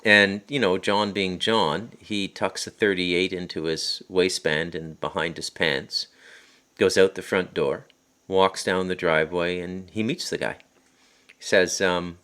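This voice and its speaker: A Canadian man, a podcast host and author with an Ottawa Valley accent, tells a loose, digressive story into his phone from his countryside home, often restarting sentences and chasing tangents. His low, deep voice is a bit bright and clean, with fairly even intonation and a slightly slow pace.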